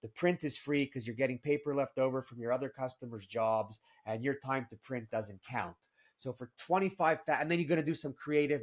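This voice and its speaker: A man of middle pitch hosts a podcast interview. He speaks in an animated, opinionated way and checks in with "right?" as he talks. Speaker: podcast host.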